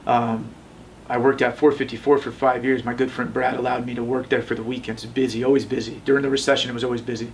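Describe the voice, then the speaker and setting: A man's voice: medium pitch, flat delivery, fast, few pauses, recorded from a distance, a little hiss or hum. A man in his thirties, a tattoo shop owner, tells his story in a casual interview, rambling and often restarting. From Las Vegas, USA.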